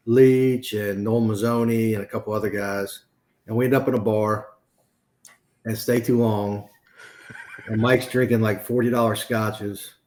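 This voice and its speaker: A man, a sportswriter, telling a wry, brisk anecdote as a podcast guest. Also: mid-range voice, a little mellow.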